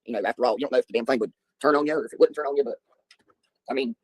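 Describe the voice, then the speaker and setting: Man, middle-aged, streamer host; talks very fast, husky and raspy, casual yarn-spinning. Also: mid-range voice, darkish tone, no room sound, poor audio. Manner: rambling, folksy storytelling with filler ums. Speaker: livestream host. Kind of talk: casual chat answering viewers.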